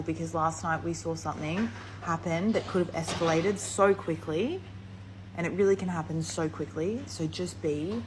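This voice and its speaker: Earnest woman vlogger, noisy clip. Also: sits low. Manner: earnest, warning, emphatic. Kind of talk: casual vlog.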